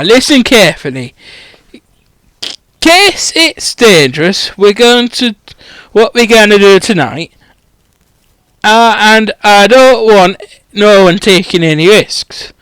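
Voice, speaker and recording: A man's voice: high-pitched, very animated, slow pace, a bit bright, smooth, no echo, heavily acted. Brief: foul-mouthed pub-loving giant, played by a man, blunt and rambling, bouncy delivery. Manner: swears constantly, rambling and blunt.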